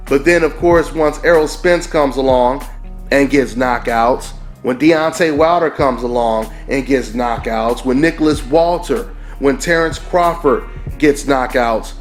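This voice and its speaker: Emphatic man ranting over faint music. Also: mid-range voice. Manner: emphatic, repeats points, rhetorical "right?". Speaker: boxing channel host. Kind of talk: opinionated commentary rant. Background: faint background music.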